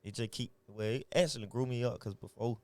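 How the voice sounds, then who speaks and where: A man's voice: medium pitch, a little fast, darkish tone, dry recording. A young man from Atlanta with an Atlanta accent, a rapper giving laid-back, slangy answers in an interview. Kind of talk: casual interview chat.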